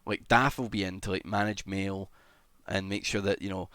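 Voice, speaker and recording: A young adult man chats casually on a live stream, rambling and self-deprecating. He swears freely and hums to himself between thoughts. His voice sits on the low side, recorded dry and close to the mic. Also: flat delivery, normal speed, fairly bright tone, dry recording. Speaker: livestreamer.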